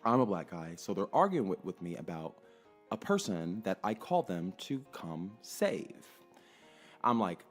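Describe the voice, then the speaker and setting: A young adult man telling a personal story in a casual, animated way, acting out quoted voices and swearing freely. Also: low voice, normal speed, faint music behind.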